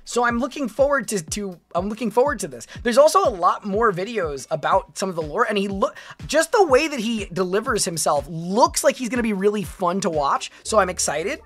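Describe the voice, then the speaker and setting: A woman's voice: mid-range voice, expressive, fairly quick, soft background music. A young woman streaming casually, reading her chat aloud and reacting with chatty restarts.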